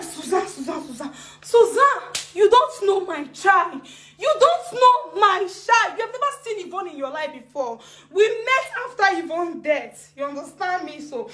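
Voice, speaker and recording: A woman with a Nigerian Pidgin accent, ranting on a live video, agitated and swinging between laughing, crying and shouting. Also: extremely high pitch, echoey room. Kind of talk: emotional live-video rant.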